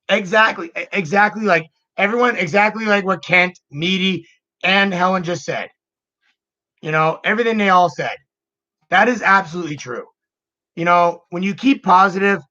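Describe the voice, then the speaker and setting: A man hosts his own online show in a loose, upbeat chat that rambles and circles back on itself. His voice sits a little high and sounds bright and forward. The recording is dull and lo-fi. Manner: rambling, repeats words, upbeat. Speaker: show host. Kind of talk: casual chat.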